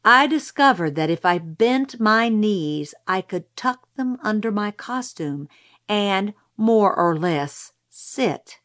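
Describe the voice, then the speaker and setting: A woman narrates a story in a measured, steady reading voice. Her pitch sits in the middle of the range, and she takes her time over each line. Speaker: audiobook narrator.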